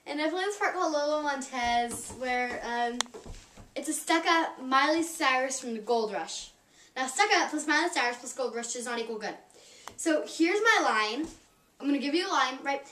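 Playful high-voiced girl in an echoey room. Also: a bit bright. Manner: playful, self-mocking, joking. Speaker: vlog host. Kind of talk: casual home video chat. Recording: echoey room, camera far off.

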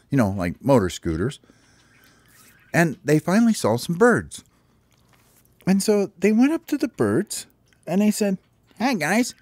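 A man's voice: mid-range voice, a little mellow, no echo. A father making up a children's story as he goes, rambling and restarting with "well, anyway".

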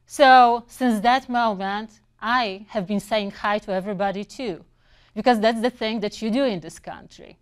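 A middle-aged woman who teaches English, not her first language, tells personal stories conversationally with brief restarts and fillers. Her mid-range voice is clear and resonant.

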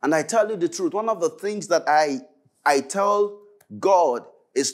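Impassioned high-voiced male preacher. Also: animated, a little slow. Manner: impassioned, swings from loud crying out to low pleading. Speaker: pastor. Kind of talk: preaching a sermon at a Bible study.

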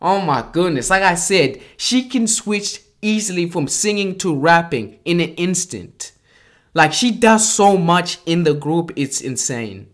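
Young adult vlogger, enthusiastic casual commentary, animated delivery, unhurried pace, keeps circling back to exclamations. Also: mid-range voice. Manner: excitable, repeats exclamations and phrases.

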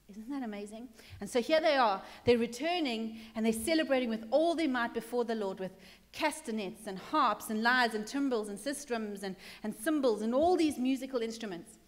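A woman with a fairly high voice preaches to her congregation, retelling the story in a chatty way. She acts out what the characters say and swings between loud passages and hushed ones. Her voice rings through a reverberant church hall. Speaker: pastor. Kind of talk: sermon.

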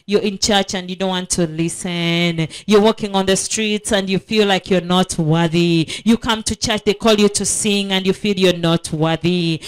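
Woman preaching to schoolkids, real slow and emphatic, keeps asking the crowd questions. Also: mid-range voice, a bit bright, clean tone. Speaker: preacher at a school week of prayer. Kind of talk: children's sermon. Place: school assembly.

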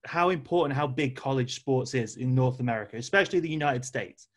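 A man's voice: mid-range voice, fairly quick. A man from the UK hosting a sports podcast, asking questions in a friendly, easygoing way. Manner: friendly questioning, easy laughs. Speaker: podcast host. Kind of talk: casual interview chat.

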